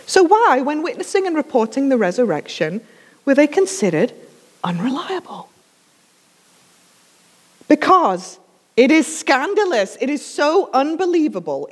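A woman's voice: fairly high pitch, in a large hall. A woman preacher telling a sermon story in a casual, emphatic way with humorous asides, coughing now and then from a dry throat.

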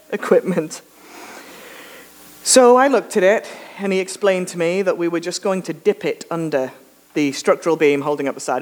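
A woman preacher giving a sermon, telling a lively self-mocking anecdote with humor. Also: on the low side. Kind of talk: storytelling sermon.

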